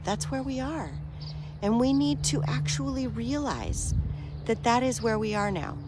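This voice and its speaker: Slow, earnest woman vlogger. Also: on the high side, heavy background noise. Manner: earnest, affectionate, rambling with fillers and soft laughs. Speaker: spiritual vlogger. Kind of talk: heartfelt direct-to-camera talk.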